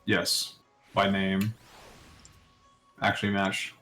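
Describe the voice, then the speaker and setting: Lower-voiced easygoing man. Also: completely flat delivery, slow, sharp tone, soft background music. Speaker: co-streamer playing a game. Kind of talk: casual let's-play chat.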